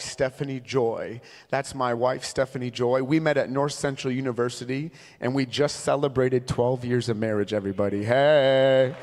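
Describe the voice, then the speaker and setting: A man in his thirties from Minnesota, a traveling evangelist preaching a sermon with humorous, conversational storytelling. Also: mid-range voice. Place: large church sanctuary. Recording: long reverb from a large church hall.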